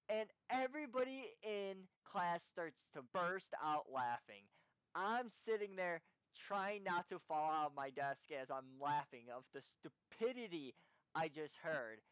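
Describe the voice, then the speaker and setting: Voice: mid-range voice, a little slow, a bit bright, clean tone, no room sound, lo-fi sound. Casual YouTube storyteller, rambling with fillers, dry close sound. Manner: rambling, with many "you know" fillers. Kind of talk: casual story time narration.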